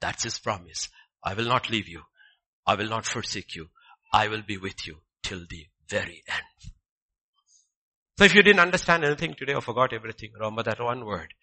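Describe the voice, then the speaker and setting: A male pastor preaching a sermon, swinging between loud declarations and hushed near-whispers, repeating short phrases for emphasis. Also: lowish voice, a little fast.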